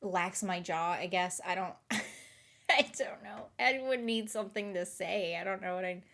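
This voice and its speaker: A woman in her late twenties with a light Southern US accent chats casually as a streamer, rambling and hesitant with many fillers. She speaks at a measured pace in a medium-pitched, fairly bright voice with vocal fry.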